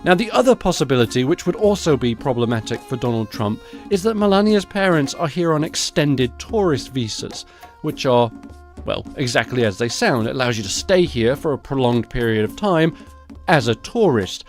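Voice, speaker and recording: A man's voice: medium pitch, very animated, normal speed, soft background music. A man hosting a solo podcast, commenting on the news in a sarcastic, profane, conversational way. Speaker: podcast host.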